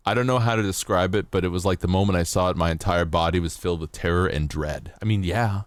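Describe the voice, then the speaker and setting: A man's voice: low-pitched, fast talker, few pauses, dry recording, studio quality. A man chatting casually on a livestream, reading out stories and joking around, laughing at himself and swearing freely.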